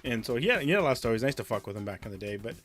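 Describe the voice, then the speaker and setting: A man's voice: mid-range voice, expressive, rapid-fire, fairly bright tone, soft background music. A man co-hosting a film podcast, telling a rambling, profane story with frequent laughter. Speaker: podcast co-host. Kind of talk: casual chat, storytelling.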